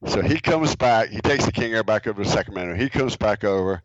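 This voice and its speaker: A man talking in a laid-back way in a casual chat, with halting restarts and dry humor. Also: lowish voice, expressive. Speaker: podcast guest, dropzone owner. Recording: dull lo-fi sound.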